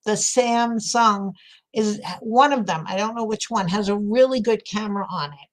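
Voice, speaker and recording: A craft livestream host, a woman with a New York accent, chats casually with viewers while crafting and laughs often. Her voice is medium in pitch at a moderate pace.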